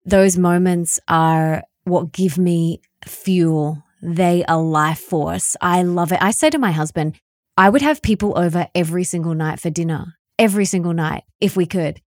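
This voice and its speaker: This is a woman with a fairly low voice, hosting a podcast interview. She talks in a warm, enthusiastic, heartfelt way, recorded close and dry. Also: normal speed, no room sound. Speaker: podcast host.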